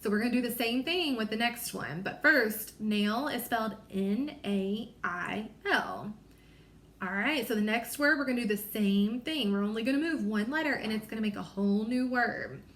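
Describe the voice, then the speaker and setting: A woman reading teacher leading a small-group phonics lesson, sounding out letters slowly and carefully, encouraging and apologetic. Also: on the high side, roomy sound.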